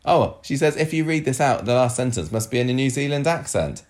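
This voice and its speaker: A man's voice: mid-range voice, fairly quick. A man co-hosting a podcast, joking and reading listener feedback aloud in a casual chat. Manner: jokey, lively, reads messages aloud. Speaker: podcast co-host.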